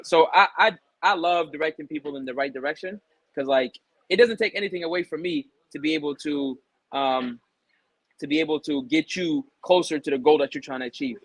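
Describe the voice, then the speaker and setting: A young adult man, a barber guest on an interview show, talks casually and tells stories packed with retold back-and-forth dialogue and "um"s. His voice sits a little high for a man. The sound is dry and close, with no room echo. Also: a little fast. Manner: relaxed storytelling with many fillers and retold dialogue.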